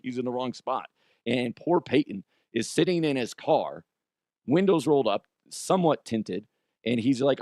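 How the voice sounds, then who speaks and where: A podcast host tells rambling, joking stories on his solo show, laughing at himself and swearing freely. His voice is lowish with a darkish tone, and the sound is clean studio audio with no echo.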